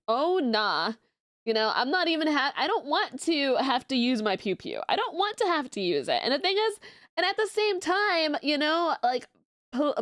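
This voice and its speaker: A woman streamer chatting casually with her viewers, excitable and quick to laugh, often jumping up into a squealing high pitch. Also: dry recording, clean studio sound. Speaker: streamer reacting to memes. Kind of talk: casual live-stream chat.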